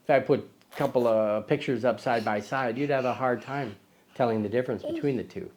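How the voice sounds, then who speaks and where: A man's voice: mid-range voice, brisk, a little mellow. A man hosting a photography vlog, talking casually to camera in a rambling, self-deprecating way with many fillers and restarts.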